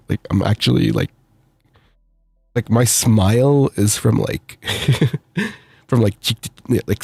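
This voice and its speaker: A man's voice: mid-range voice, vocal fry, dark tone, breathy edge, dry recording. A man streaming while sick with the flu, cheerfully reading out viewer messages with little laughs and stammers. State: sick with the flu, itchy throat. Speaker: VTuber streamer.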